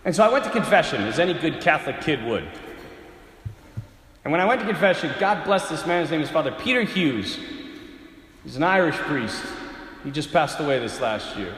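A man in his forties, a Catholic priest, telling a story in a sermon in an animated, self-deprecating way. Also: fairly high pitch. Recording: echoey hall reverb.

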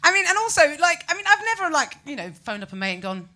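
A British woman performing a stand-up comedy set, ranting with incredulous, animated exclamations. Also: very high voice, fast, few pauses. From Britain.

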